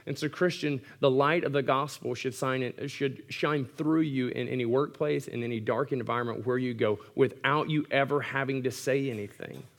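A man's voice: mid-range voice, fairly even intonation, moderate pace, few pauses. Male pastor, earnest sermon delivery, mid-range voice, wry asides.

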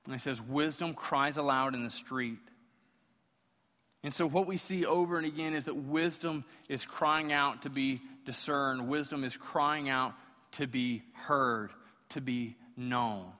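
A man's voice: medium pitch, measured pace, bright, forceful tone. Man preaching in a reverberant hall. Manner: impassioned, rhetorical preaching with repetition. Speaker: pastor. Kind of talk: sermon.

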